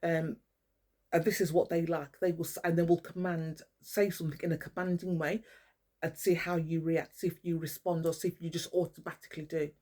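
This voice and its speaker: An older woman vlogger with a fairly low, slightly mellow voice talks briskly and flatly to camera. She rants angrily and at length, swearing constantly and calling out people by name directly.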